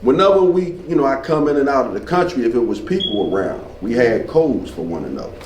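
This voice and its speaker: A man's voice: medium pitch, sing-song, fast, a little mellow, a little hiss or hum. A retired military man in his fifties doing a stand-up comedy set, telling loose stories and bantering with the crowd. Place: small club stage. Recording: roomy club sound from far off.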